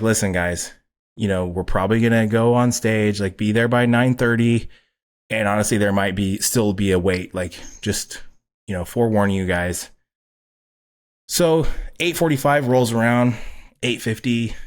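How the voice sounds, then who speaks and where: A man guest on a podcast, telling a story casually, swearing a lot and acting out quotes loudly. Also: fairly low pitch. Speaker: podcast guest, pro bodybuilder.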